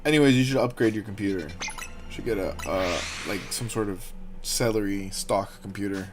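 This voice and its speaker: A man's voice: fairly low pitch, moderate pace, music in the background. A young adult man chatting casually on a livestream, rambling and joking with frequent swearing. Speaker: streamer.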